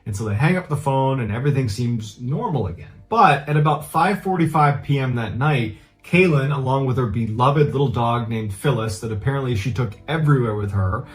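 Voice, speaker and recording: A man in the middle of his range retells a case in a relaxed, conversational manner, phrasing things loosely and earnestly. Faint music runs under his voice. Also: medium pitch. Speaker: true crime narrator. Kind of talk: conversational storytelling.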